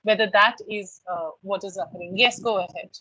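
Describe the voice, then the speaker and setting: A woman's voice: medium pitch, steady tone, brisk, pushed and bright, dry recording, dull audio. A woman with an Indian English accent giving an online university lecture, explaining points and asking her students rhetorical questions.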